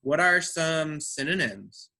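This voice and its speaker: A man's voice: a little high, lively intonation, slow, sharp tone. A man teaching an English class, who checks understanding with frequent "right?" and repeats words to drill their stress.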